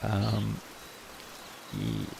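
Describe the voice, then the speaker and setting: A man streaming live in casual chat, who talks in a chatty way and answers his viewers with quick asides. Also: lowish voice, gravelly. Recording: steady rain noise behind.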